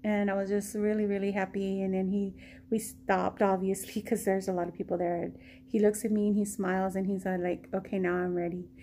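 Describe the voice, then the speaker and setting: A woman from Texas telling a story in a slow, rambling way, with many pauses and ums. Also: mid-range voice, level tone, mellow, slight background noise. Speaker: vlogger. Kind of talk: casual story time.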